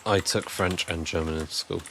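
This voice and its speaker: A man's voice: deep voice, steady tone, moderate pace, vocal fry, fairly bright tone, slight background noise. A man chatting casually and rambling on a live stream while he builds, answering chat as he goes.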